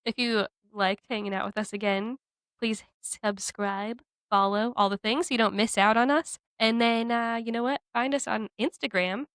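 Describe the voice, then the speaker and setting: A woman from Minnesota co-hosting a casual podcast chat, chatty and quick to react. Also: on the high side, steady tone, a bit bright, smooth, no room sound. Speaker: podcast co-host.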